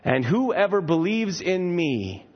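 Male preacher, sermon, husky voice, storytelling asides. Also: high-pitched, very animated, takes it slowly, muffled recording.

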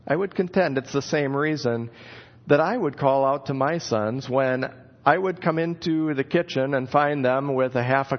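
A middle-aged man preaching a sermon, telling stories and acting out the calls in his passage. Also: a little high. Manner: expressive storytelling, acts out calls of "where are you". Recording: dull lo-fi sound.

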